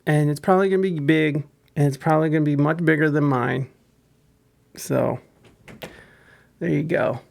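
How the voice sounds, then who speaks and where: A man's voice: on the high side, steady tone, normal speed, gravelly, pauses often. A young man hosting a podcast, chatting casually and crudely, joking and rambling with many restarts. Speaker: podcast host.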